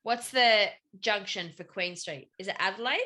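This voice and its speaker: A woman's voice: medium pitch, normal speed. A woman co-hosting a podcast, teasing and cutting in during casual chat. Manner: lively, teasing, jumps in with interruptions. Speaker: podcast co-host.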